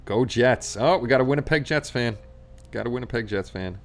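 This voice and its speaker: A man's voice: medium pitch, brisk. A man with a New York accent hosting a casual livestream, chatting and rambling along with his viewers. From Astoria, Queens, New York. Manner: chatty, rambling, reads viewer comments aloud. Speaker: livestream host. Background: faint Christmas music.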